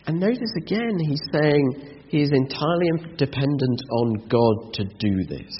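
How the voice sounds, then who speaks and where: A man's voice: fairly high pitch, lively intonation, normal speed, a little hiss or hum. A man preaching a sermon, earnest, with rhetorical questions and rising emphasis. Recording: dull lo-fi sound in a reverberant hall.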